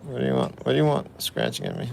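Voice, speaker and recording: A man chats casually outdoors for a vlog, playfully talking to a dog. His voice carries heavy gravel and fry, and his pitch swings widely as he talks. Faint noise sits under the recording. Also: huge pitch swings, fast talker, a little mellow. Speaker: vlogger.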